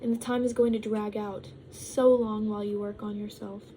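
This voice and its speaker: A woman's voice: medium pitch, level tone, moderate pace, dark tone, slight background noise, rough recording. A young woman talking casually to her vlog audience, rambling with lots of ums and likes, sometimes while eating. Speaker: vlogger.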